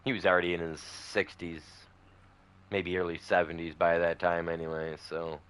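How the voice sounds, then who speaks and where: A man's voice: low voice, little pitch movement, normal speed, fairly bright tone, smooth. A man chatting casually over a farming game, rambling through a long story with many fillers and restarts. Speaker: gaming streamer. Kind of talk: casual gameplay chat.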